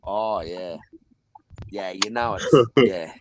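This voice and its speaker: A man's voice: deep voice, takes it slowly, a crowd in the background. A man chatting casually about boxing in a laid-back, agreeable way, swearing casually. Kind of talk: casual profane banter.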